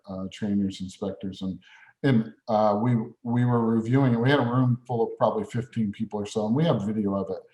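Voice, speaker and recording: A man's voice: lowish voice, a little mellow, roomy sound, poor audio. A man co-hosting a podcast, upbeat and chatty as he tells a story. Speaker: podcast co-host. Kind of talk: casual chat.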